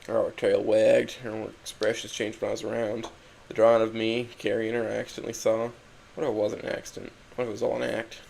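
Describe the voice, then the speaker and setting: A young man reading a first-person story aloud in a quiet, introspective, halting way. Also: fairly low pitch, little pitch movement, vocal fry, a little hiss or hum, low-quality recording. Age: young adult. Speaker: narrator.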